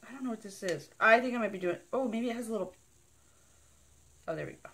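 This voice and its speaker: A woman's voice: on the high side, quick pace, a bit bright. A woman vlogging an unboxing in a casual, bubbly and rambling way, gushing over each item. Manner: bubbly and gushing, squealing with delight; rambling and chatty.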